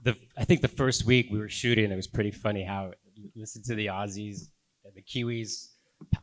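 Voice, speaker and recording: A man's voice: fairly low pitch, fairly even intonation, moderate pace. A man speaking as a guest actor on a panel, playful and laughing in casual chat.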